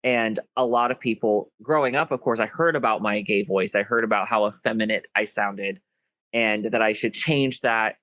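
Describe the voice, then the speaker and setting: A man with a nasal voice and a Southern US twang, talking candidly and quickly with an effeminate lilt as a podcast co-host. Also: on the low side, fairly bright tone, no room sound. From US, Ohio and Florida. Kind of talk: casual chat.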